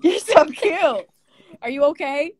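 A young woman hosting a casual livestream, soft-spoken and laid-back, giggling now and then as she chats into her phone. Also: high-pitched, lively intonation, measured pace, no room sound, faint music behind. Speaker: livestream host. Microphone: phone held close.

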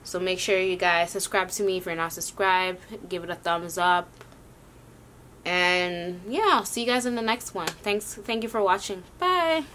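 A woman's voice: on the low side, moderate pace, fairly bright tone, a little hiss or hum. Breathless chatty young woman vlogging. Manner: chatty, addresses viewers as y'all, rambling asides. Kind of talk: casual sneaker haul vlog.

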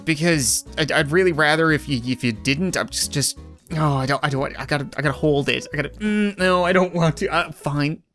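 A man's voice: fairly high pitch, brisk, music in the background. A man giving casual, joking gameplay commentary, rambling and self-deprecating as he plays. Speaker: gaming YouTuber.

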